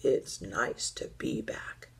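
A woman voicing a gentle, sleepy old male teddy bear who speaks softly and breathily in a storybook reading. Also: whispered, close to an everyday voice. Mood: tender. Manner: soft, slow and breathy.

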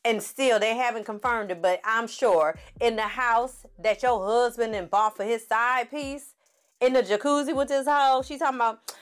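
A woman's voice: a little high, steady tone, moderate pace, clean tone. A woman giving a sassy, chatty recap of a TV series and acting out the characters' lines as she goes. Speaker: TV series reviewer. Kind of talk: casual recap commentary.

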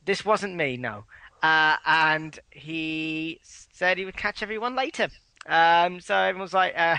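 Bright-voiced man, blunt and sweary. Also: a little high, animated, normal speed, smooth, dry recording. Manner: blunt, swearing, chatty news recap. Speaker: podcast co-host. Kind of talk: casual chat.

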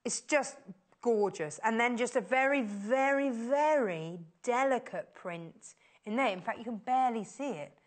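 A woman presenting on a shopping channel, giving a live on-air sales pitch in a gushing, enthusiastic way that keeps repeating words of praise. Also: unhurried. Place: TV studio.

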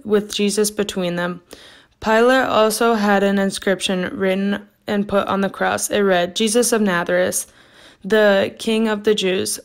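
Woman lector, soft steady scripture reading, mid-range voice. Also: mid-range voice, smooth. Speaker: scripture reader. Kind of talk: reading the Passion aloud in church.

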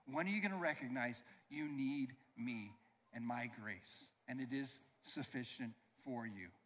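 Bright-voiced man preaching in a reverberant church. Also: mid-range voice. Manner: emphatic preaching, slows down to stress key phrases; leads the congregation in call-and-response. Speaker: pastor. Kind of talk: sermon. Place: church sanctuary. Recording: long reverb of a church hall.

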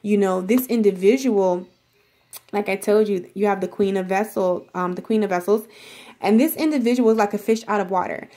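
A woman's voice: medium pitch, moderate pace, warm tone. A woman giving a casual tarot reading, talking straight to the viewer in a rambling, reassuring way full of filler words. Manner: addresses viewer directly and reassuringly. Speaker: tarot reader.

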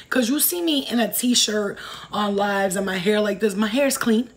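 A woman's voice: mid-range voice, normal speed. Brash, cursing woman reading tarot. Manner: brash, profane and rambling; goes off on tangents. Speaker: tarot reader.

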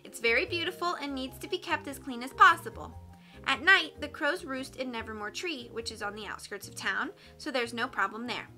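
Bossy rule-reciting young elder voiced by a woman; high, bright. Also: fairly quick, soft background music.

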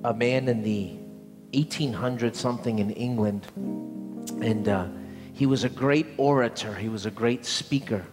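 A man pastor preaching a conversational sermon, repeating phrases and building to emphatic calls for amen. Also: medium pitch. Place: church sanctuary. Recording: church sanctuary with long reverb and live music. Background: instrumental music.

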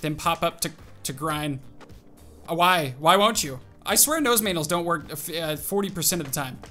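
A young man hosting a gaming video, his bright, forceful voice swinging widely up and down as he reacts to each move. He talks to himself and narrates his tricks in an excited, animated way. Faint music plays underneath. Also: fairly high pitch, normal speed. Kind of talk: excited gameplay commentary.

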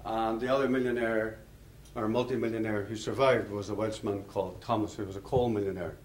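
A man's voice: lowish voice, steady tone, brisk, slight background noise. A man giving a public lecture, telling stories in a discursive, anecdotal way and chuckling at his own tales. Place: lecture hall. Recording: roomy hall, mic far off.

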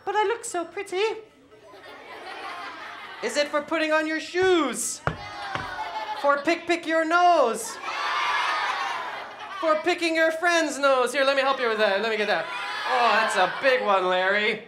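Brief: playful woman host for a kids' music show, bright and bouncy, lively audience noise behind. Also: high-pitched, unhurried, long pauses, a crowd in the background. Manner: goofy, exaggerated, leads audience call-and-response. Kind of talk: playful children's TV presenting.

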